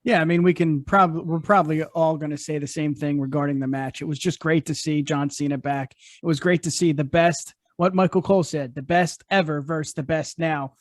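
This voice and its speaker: A man guesting on a podcast, speaking with excitement and agreeing with the others. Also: on the high side, a little fast, hardly any pauses, no room sound, clean studio sound. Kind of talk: casual podcast chat.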